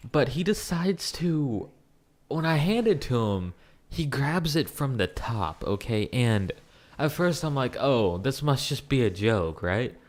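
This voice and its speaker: A young man giving casual commentary over gameplay, ranting about his fast food job with swearing and frequent laughs. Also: on the low side.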